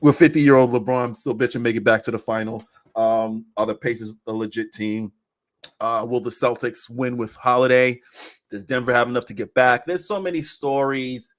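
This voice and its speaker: A man on a podcast in casual chat about basketball, animated and repeating phrases for emphasis. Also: medium pitch, moderate pace.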